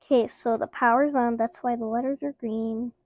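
A woman's voice: on the high side, fairly even intonation, moderate pace, a little mellow, no room sound. A woman giving casual, playful gameplay commentary, chatting to her viewers as she plays. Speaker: gaming channel host.

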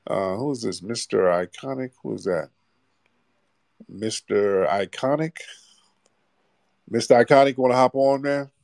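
A man's voice: mid-range voice, unhurried, gravelly, pauses often, a little mellow, dry recording, clean studio sound. A man hosting a late-night call-in show, talking bluntly in casual slang. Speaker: host. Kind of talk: live call-in radio show.

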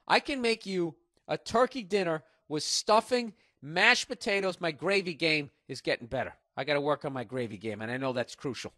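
A man's voice: fairly high pitch, lively intonation, normal speed, few pauses, pushed and bright, dry recording, clean studio sound. A middle-aged man with a Boston accent, hosting a podcast and ranting sarcastically with lots of swearing. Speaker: podcast host. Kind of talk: casual comedic monologue.

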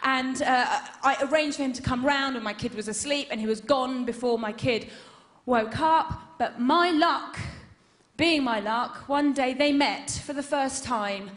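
Woman, stand-up comedian, animated, fairly high voice, roomy venue. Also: measured pace. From England. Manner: animated storytelling, loud bursts for punchlines. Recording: roomy live venue sound.

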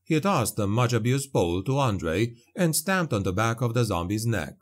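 A man reading a dark fantasy story aloud as an audiobook narrator, measured and vivid. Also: medium pitch, very animated.

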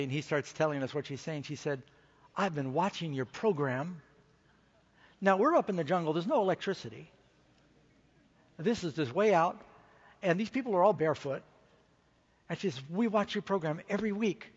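A middle-aged male preacher delivers a conference sermon in a slightly high voice. He tells stories and builds to excited, emphatic peaks. The recording is somewhat dull and lo-fi. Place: large conference hall stage.

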